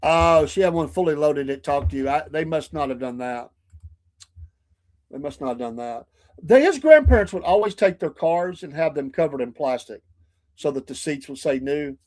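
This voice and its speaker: A man co-hosting a relaxed talk show, his voice sitting a little higher than most men's. He spins long anecdotes and laughs his way through them. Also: normal speed. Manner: storytelling, laughs often, acts out quoted voices. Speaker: podcast co-host. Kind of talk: casual chat.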